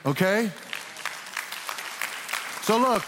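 A man preaching to a large congregation, his slightly high voice pushing hard on each point and climbing into urgent questions. The sound carries a long reverb from the big church hall around him. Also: expressive, extremely slow, bright, forceful tone, a faint crowd, slight background noise. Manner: impassioned preaching with rising emphatic questions. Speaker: pastor. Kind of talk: sermon.

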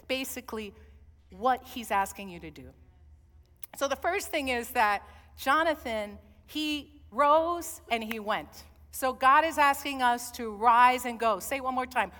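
A woman preaching a sermon, swinging from loud calls to soft, intimate asides. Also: fairly high pitch. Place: church. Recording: long hall reverb.

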